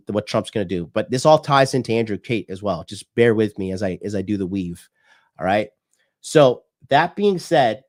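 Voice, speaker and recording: A man's voice: mid-range voice, darkish tone. A man from the United States, a dating coach hosting a livestream, talking in a blunt, profane, preachy rant.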